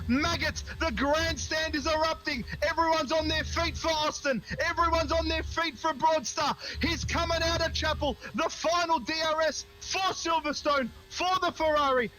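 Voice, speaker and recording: A man's voice: very high voice, fairly even intonation, moderate pace, few pauses, rough recording. A man giving live sim racing commentary, calling a hot lap with dramatic, hype-building play-by-play.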